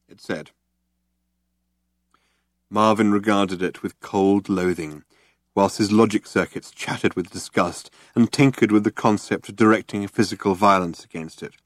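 A man narrating an audiobook with a measured, deadpan delivery. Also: fairly low pitch, no echo, clean studio sound.

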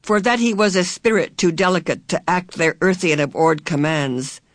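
A man's voice: high voice, fairly bright tone, no room sound, clean studio sound. Man doing a cryptic, verse-quoting old spirit woman. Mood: cryptic solemn. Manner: measured, cryptic, deliberate delivery. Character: mysterious old female spirit who quotes verse.

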